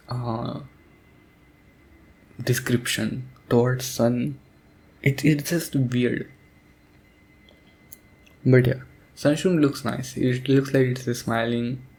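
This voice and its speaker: A young man rambling sleepily about a game as a sleep aid, soft-spoken and hesitant, with many pauses and fillers. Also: mid-range voice. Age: young adult. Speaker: audio creator.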